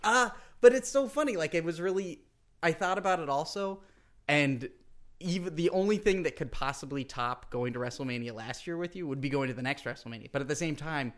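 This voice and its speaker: A man's voice: on the high side, brisk. Earnest, laughing male podcast co-host. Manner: earnest, laughs often, talks in bursts with "like". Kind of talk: casual podcast banter.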